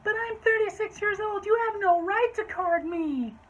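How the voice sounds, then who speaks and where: A woman voicing an entitled customer in her thirties who yells demands at store staff. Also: very high-pitched, a little fast, highs cut off, a little hiss or hum, pitched above the performer's own voice. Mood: shrieking. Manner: demanding, yelling for the manager.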